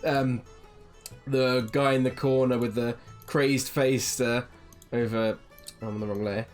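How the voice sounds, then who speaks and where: A game master narrating a tabletop fantasy game in a lively, animated way, with frequent fillers. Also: medium pitch, unhurried, soft background music.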